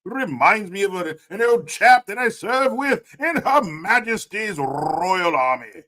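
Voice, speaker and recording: An American man doing a grandiose posh British gent with a clipped, stiff-upper-lip accent, his pitch leaping high and swooping all over. He sounds bright and sharp, puffed up with self-importance like an old army chap. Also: big pitch swings, unhurried, exaggerated voice. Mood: pompous. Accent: put-on British.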